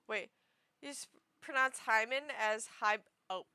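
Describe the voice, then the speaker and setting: A woman's voice: a little high, unhurried, pushed and bright, clean tone. A young woman chatting casually on a stream, rambling and self-deprecating with frequent giggles. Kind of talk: casual chat.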